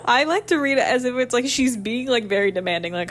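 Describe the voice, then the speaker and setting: A young woman co-hosting a podcast in casual chat, laid-back and quick to chime in. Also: a little high, animated. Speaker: podcast co-host.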